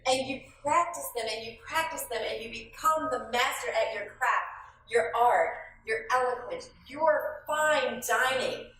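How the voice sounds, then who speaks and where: A woman's voice: fairly high pitch, a little slow, fairly bright tone, slight background noise. A woman giving a restaurant new hire training talk, calling on trainees by name and acting out sample phrases. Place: training room with a live audience. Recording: very echoey room, voice from far off the mic.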